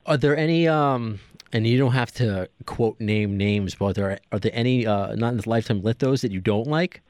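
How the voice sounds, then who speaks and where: A man's voice: medium pitch, moderate pace, darkish tone, dry recording. A man hosting a casual podcast interview, asking long, rambling questions with many restarts. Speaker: podcast host.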